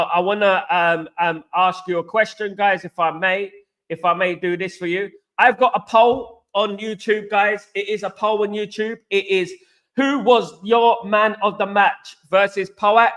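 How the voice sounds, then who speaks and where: Chatty high-voiced English man streaming. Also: fairly bright tone. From England. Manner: chatty, keeps addressing viewers as guys and mate. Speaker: live stream host. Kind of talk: casual live-stream chat reading viewer comments.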